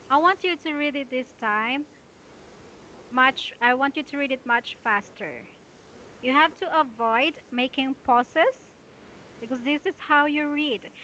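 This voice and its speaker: A woman's voice: high voice, pushed and bright, muffled recording, a little hiss or hum. A woman tutoring English, patiently correcting a student's reading with many "okay"s.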